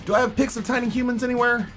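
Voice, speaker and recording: A man in his forties chatting live with his stream viewers, rambling, swearing and greeting people in chat by name. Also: extremely high pitch. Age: 40s.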